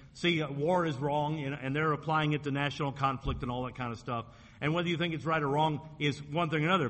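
A male pastor preaching a folksy sermon in a church, slowing down and dropping low when he quotes scripture. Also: pushed and bright. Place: church sanctuary. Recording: long hall reverb, faint room noise.

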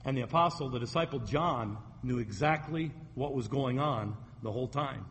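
A man's voice: mid-range voice, moderate pace, a bit bright, in a large hall, slight background noise. A man preaching a sermon as a pastor, retelling scripture stories vividly and acting out the quoted voices.

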